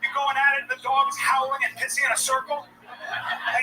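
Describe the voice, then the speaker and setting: A man in his forties performing a sardonic stand-up comedy set, bursting into shouts at times. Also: very high voice, monotone, moderate pace. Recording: distant mic with clear background noise.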